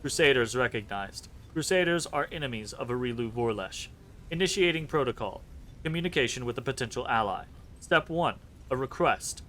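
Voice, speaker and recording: A man doing a cheap flat robot voice. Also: medium pitch, normal speed, slight background noise. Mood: clinical. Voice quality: flat semi-robotic delivery. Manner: clipped protocol-style statements. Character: imprisoned male metal construct, cold and logical. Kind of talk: reading game dialogue aloud.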